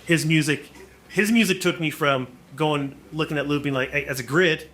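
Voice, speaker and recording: A man in his forties, a musician guest on a podcast, telling stories in a casual, animated way, acting out quotes and restarting phrases often. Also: fairly high pitch, normal speed. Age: 40s. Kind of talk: casual storytelling.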